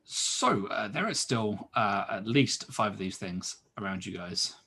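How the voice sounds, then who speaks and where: Husky low-voiced man running a game. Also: lively intonation, unhurried, sharp tone. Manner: dry, teasing banter. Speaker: dungeon master. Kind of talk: narrating a tabletop game.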